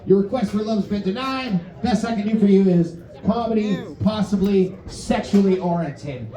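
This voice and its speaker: A man hosting a comedy night in a bar, working the crowd with loud, hyped banter. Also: high-pitched, lively intonation, moderate pace, hardly any pauses. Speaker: comedy show host. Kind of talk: stand-up emcee banter. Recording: roomy live bar, distant mic, crowd.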